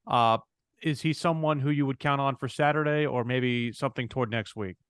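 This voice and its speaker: A man's voice: mid-range voice, a little fast, a bit bright, smooth, dry recording, studio quality. A man, a reporter, asking a coach questions at a press conference in a friendly, hesitant way with fillers.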